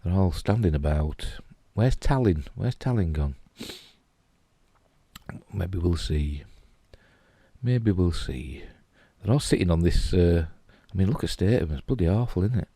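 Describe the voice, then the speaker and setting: A man's voice: sits low, animated, fairly quick, few pauses, dark tone, dry recording. A middle-aged man with a Yorkshire accent, rambling casually and chuckling as he comments on pictures. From England. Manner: chatty, rambling, chuckling asides. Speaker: host.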